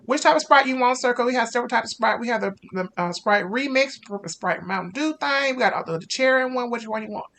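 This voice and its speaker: A man voicing a hurried young female fast-food drive-thru worker with rushed, scripted service patter. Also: a little high, fairly bright tone, voice pushed up.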